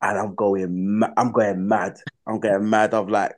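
A man's voice: fairly low pitch, flat delivery, a little slow. A young man, a footballer guest on a podcast, telling his career stories casually, with slang, and acting out his own past reactions. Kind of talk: casual storytelling in a podcast interview.

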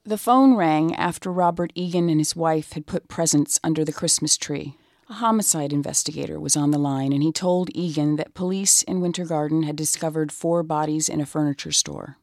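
A narrator telling a crime story in measured, scripted documentary style. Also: medium pitch, a little mellow, no room sound, clean studio sound.

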